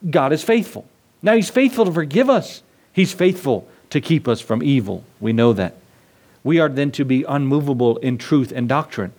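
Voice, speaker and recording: A man's voice: mid-range voice, animated, moderate pace, a little mellow. A male pastor delivering a sermon to his congregation in a conversational way, often asking questions and answering them himself.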